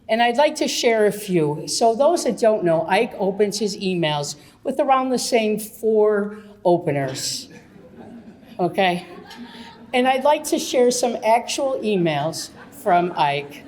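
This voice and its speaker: A woman's voice: mid-range voice, very animated, slow, a little mellow. A woman emceeing an event, talking to an audience in a playful, teasing way and laughing as she speaks. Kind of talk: public speech at an event.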